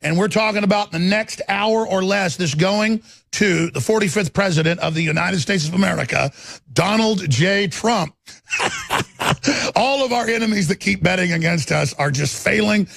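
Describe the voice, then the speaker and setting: A man in his forties hosting a talk radio show, delivering a heated, rambling monologue with a husky voice and repeated words. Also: sits high, normal speed, fairly bright tone, no room sound. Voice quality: gravelly, husky voice.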